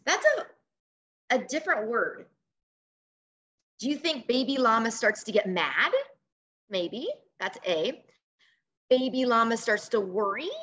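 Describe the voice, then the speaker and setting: A teacher, a woman, reads a picture book to children over video, coaxing and expressive, with pauses for questions. Her voice is a little high.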